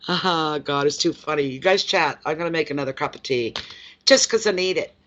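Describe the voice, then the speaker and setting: Man, tarot reader, livestream host, rambling casual chat, slightly high voice, muffled lo-fi sound. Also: a bit bright. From eastern Canada. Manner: chatty, rambling, laughs easily. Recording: dull lo-fi livestream audio.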